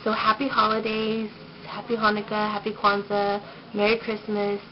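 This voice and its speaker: Speaking in a monotone at medium pitch and a moderate pace, a young vlogger recovering from a cold gives a casual pregnancy update. She rambles shyly with many ums, and the footage is dull, noisy lo-fi home video.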